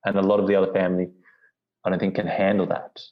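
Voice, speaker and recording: Fast and completely flat, a low-pitched man shares a personal story as a guest on a podcast interview. He reflects in a rambling manner, saying "you know" a lot and restarting often. Audio is dull and lo-fi.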